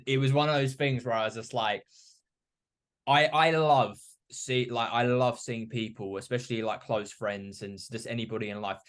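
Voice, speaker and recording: A young man hosting a podcast, talking reflectively in a rambling way full of "you know" and "like". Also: medium pitch. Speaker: podcast host. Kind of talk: casual podcast chat.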